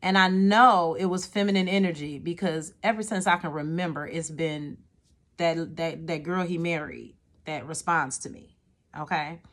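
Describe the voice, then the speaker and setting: A woman's voice: deep voice, normal speed. A woman telling a personal story to her viewers in a casual, exasperated way. She often repeats words and checks in with "okay?".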